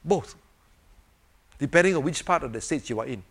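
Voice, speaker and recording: An older preacher delivers an informal sermon in a fairly high voice at normal speed. He's animated and fires off rhetorical questions, chuckling while he shows off a fidget toy.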